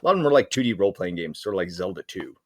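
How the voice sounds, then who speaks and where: A man's voice: deep voice, big pitch swings, rapid-fire, a little mellow. Joking man co-hosting a podcast. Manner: jokey, storytelling. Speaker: podcast co-host. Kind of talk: casual chat.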